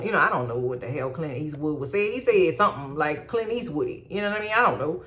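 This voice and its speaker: A woman vlogger casually recapping a documentary with sassy, slangy, profane commentary and animated asides. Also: on the low side, fast, few pauses, faint music behind.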